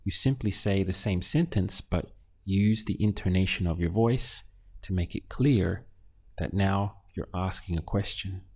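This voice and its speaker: A man teaching useful phrases in a slow, clear lesson, giving prompts and then the model answers. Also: low voice, a little mellow. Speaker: language teacher. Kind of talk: audio language lesson.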